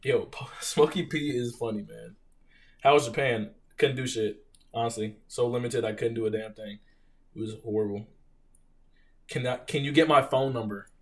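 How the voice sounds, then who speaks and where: A young man hosting a casual live Q&A, reading out viewer questions and telling stories in an animated, profane way. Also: medium pitch, moderate pace, far from the mic. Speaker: live stream host, Marine veteran.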